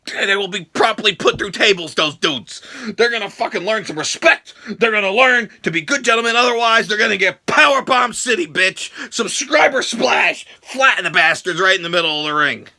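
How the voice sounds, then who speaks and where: A man in his thirties answering viewer questions in a casual vlog, profane and animated with wrestling-style bravado. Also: sits high. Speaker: YouTube vlogger.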